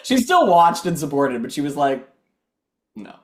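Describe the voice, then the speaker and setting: A Canadian man in his thirties, guesting on a podcast, talking in an animated way and laughing often. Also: on the high side, moderate pace, reverberant. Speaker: guest actor. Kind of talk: casual interview chat.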